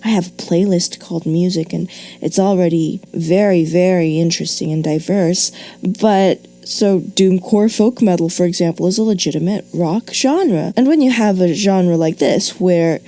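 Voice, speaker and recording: Female grammar teacher, expressive, slightly low mellow voice. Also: moderate pace. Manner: expressive, rhetorical questions, mock exasperation. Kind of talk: video grammar lesson.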